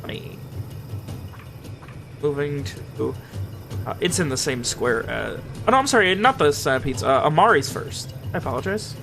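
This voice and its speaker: High, lively man running a tabletop game. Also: normal speed, gravelly, pauses often, over music. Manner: lively narration full of ums and self-corrections. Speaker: game master.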